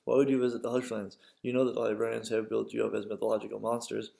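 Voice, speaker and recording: A man's voice: on the low side, level tone, fast, vocal fry, dark tone, reverberant. A man voicing a curt, impatient young woman in a storybook read-aloud. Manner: curt, dismissive.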